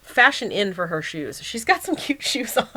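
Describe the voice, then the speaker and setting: Woman co-host, playful movie recapper who acts out the lines, slightly high voice. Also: big pitch swings, normal speed, bright, forceful tone. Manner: chatty and joking, acts out quotes, many "like"s. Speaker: podcast co-host. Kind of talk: casual movie recap chat.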